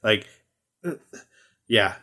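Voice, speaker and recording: A man's voice: drawn-out words, sharp tone. A man with a Californian American accent, co-hosting a tabletop gaming podcast in loose, jokey casual chat with frequent laughs. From United States. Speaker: podcast co-host, dungeon master.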